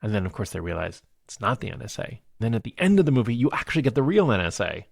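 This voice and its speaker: Gravelly-voiced man chatting about movies. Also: fairly low pitch, fast, dry recording, studio quality. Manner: animated retelling of film scenes, laughing often. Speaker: podcast co-host. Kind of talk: casual movie review chat.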